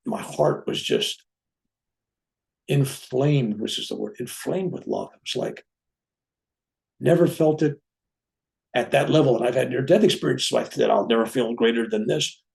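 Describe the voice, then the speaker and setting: A reverend telling a personal spiritual story, acting out what people said along the way. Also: male voice, mid-range voice, normal speed, vocal fry, pauses often. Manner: animated, acts out dialogue in his own voice. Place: room at home with a bookcase.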